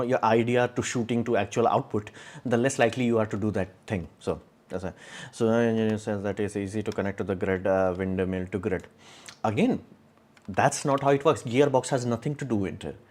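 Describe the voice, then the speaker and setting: Rambling man, lowish voice. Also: a little mellow. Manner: rambling, many fillers and restarts; opinionated, explains engineering in plain terms. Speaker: livestream host. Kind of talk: casual live-stream Q&A.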